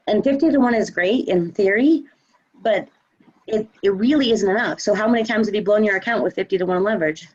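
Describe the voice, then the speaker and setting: A confident woman talks through questions in a loose live chat, sure of her views and chatty. Her voice sits at a middle pitch and comes through dull, lo-fi stream audio. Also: fairly quick, a little mellow, husky. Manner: confident, chatty, many fillers. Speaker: trading coach.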